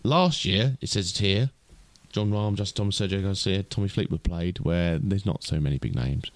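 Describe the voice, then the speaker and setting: Low-voiced guy rambling on a podcast, lots of restarts, dry mic. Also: moderate pace, no echo. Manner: chatty, lots of fillers and restarts. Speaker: podcast co-host. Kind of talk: casual chat.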